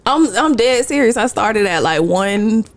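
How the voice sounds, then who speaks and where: A woman's voice: on the high side, animated, measured pace. A woman co-hosting a casual podcast chat, laid-back with a slightly quivering voice. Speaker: podcast co-host.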